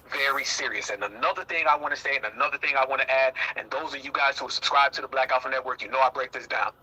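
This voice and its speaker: Emphatic man hosting, sharp bright voice. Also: fairly high pitch, slight background noise, poor audio. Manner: emphatic, repetitive, profane. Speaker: host. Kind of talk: heated commentary.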